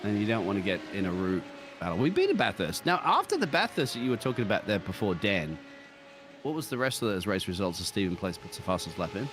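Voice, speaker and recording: An Australian man commenting on a sim racing broadcast, joking and laughing often, with excitable jumps in pitch. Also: quick pace, noisy background. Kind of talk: live race commentary banter.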